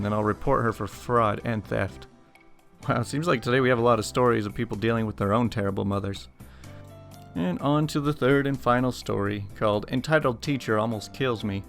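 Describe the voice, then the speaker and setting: A man's voice: medium pitch, creaky, a bit bright. A man hosting a channel, reading online stories aloud with casual, amused commentary.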